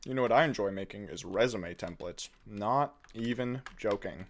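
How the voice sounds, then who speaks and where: A man's voice: lowish voice, normal speed, a little hiss or hum. A man hosting a casual live stream, chatting with viewers and joking at his own expense as he builds. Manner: lively, jokey, chatty, often laughs at himself.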